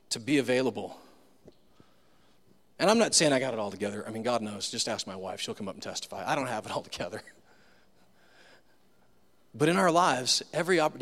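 Storytelling pastor in a reverberant hall. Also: male voice, medium pitch, a bit bright. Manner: conversational storytelling, self-deprecating humor. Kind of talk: sermon with personal stories. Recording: long reverb of a large room.

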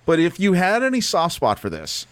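Lively, animated man chatting about movies. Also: high-pitched, moderate pace, no echo. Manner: enthusiastic, rambling with restarts. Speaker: podcast co-host. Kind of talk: casual movie chat.

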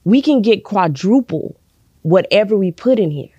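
Lively woman storyteller, dry close sound. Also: moderate pace, breathy edge, dry recording, muffled recording. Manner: lively, acts out quoted voices with sudden high jumps. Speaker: podcast guest, actress. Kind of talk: animated personal storytelling. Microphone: studio podcast mic.

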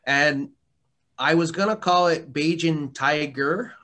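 Bright-voiced man, chatty and rambling. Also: fairly high pitch, slow pace. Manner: rambling, many fillers and restarts, laughs often. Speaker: interview guest, hot sauce maker. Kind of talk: casual interview chat.

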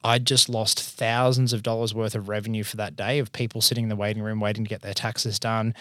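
A man's voice: on the low side, flat delivery, fairly quick, bright, forceful tone, no room sound, clean studio sound. A man in his thirties with an Australian accent, an accounting firm partner telling stories candidly and casually as a podcast guest, with some swearing. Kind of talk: casual storytelling in conversation.

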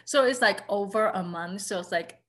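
Woman guest, thirties, casual interview talk, candid and chatty, mid-pitched. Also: moderate pace. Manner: open, chatty, frequent "like" and "you know". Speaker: podcast guest.

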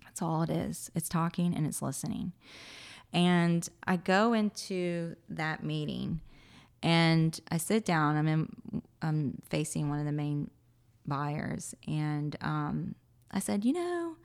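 Gravelly-voiced woman telling her story. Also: low voice, takes it slowly. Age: late 30s. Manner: animated, acts out her own quoted thoughts. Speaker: guest. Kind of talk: casual interview storytelling.

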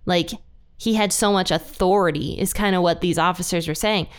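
A young woman hosting a podcast, teaching a Bible passage in a chatty, animated way. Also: fairly low pitch, normal speed, smooth. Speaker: podcast host. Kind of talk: casual Bible study teaching.

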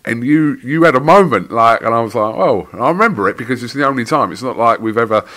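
A man's voice: mid-range voice, expressive, quick pace, bright, forceful tone. A man hosting a podcast, telling a story in casual chat with banter and swearing. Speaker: podcast host.

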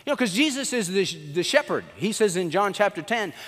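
High-voiced man preaching in a reverberant hall. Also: fairly quick. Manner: animated storytelling, acts out quotes with swings in pitch. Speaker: pastor. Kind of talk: sermon.

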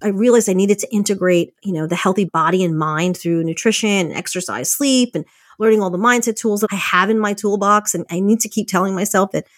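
A woman's voice: mid-range voice, fairly quick, no room sound, studio quality. Candid, chatty woman podcast host. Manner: candid, chatty, laughs often. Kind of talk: casual motivational talk.

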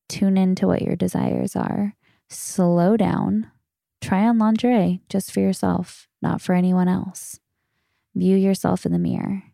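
A woman's voice: fairly low pitch, creaky, dark tone, no room sound, clean studio sound. A woman in her thirties hosting a solo podcast, answering listener questions in a frank, candid way, swearing casually. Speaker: podcast host.

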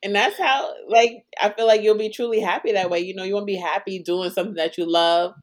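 A woman's voice: mid-range voice, fairly even intonation, fast talker. A woman co-hosting a casual chat, laughing often and acting out quotes as she recaps a show. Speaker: podcast co-host.

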